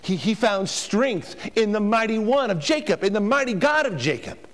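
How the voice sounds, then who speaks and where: Animated preacher man, sweeping pitch. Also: normal speed. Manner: emphatic preaching with sweeping pitch and rhetorical questions. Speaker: pastor. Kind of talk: sermon. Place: church before a congregation.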